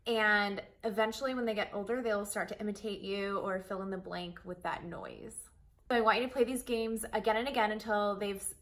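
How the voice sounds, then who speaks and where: Bright-voiced woman explaining baby talk. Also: mid-range voice. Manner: friendly, reassuring, explanatory. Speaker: host. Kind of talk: parent education lesson.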